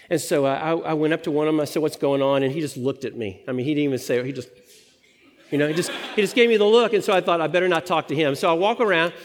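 A man's voice: on the high side, big-room sound. A man from the United States preaching a sermon, telling a story and acting out the voices in it. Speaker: pastor.

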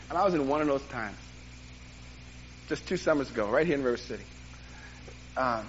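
An older man preaching a sermon, telling a personal story with self-deprecating humor and animated delivery. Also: medium pitch, moderate pace, long pauses, highs cut off, a little hiss or hum. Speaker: pastor.

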